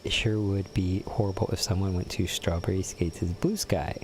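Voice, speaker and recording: A man's voice: low voice, steady tone, moderate pace, darkish tone, a little hiss or hum. A young man streaming a game, chatting casually and teasing his viewers as he reads their messages aloud. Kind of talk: casual gameplay commentary.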